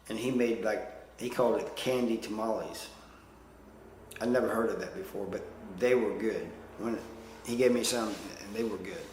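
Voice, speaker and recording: A man's voice: fairly low pitch, echoey room, big-room sound, a little hiss or hum. A man telling stories in a casual, rambling way, plain-spoken and self-deprecating, with lots of "you know" fillers. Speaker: storyteller. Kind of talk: casual storytelling.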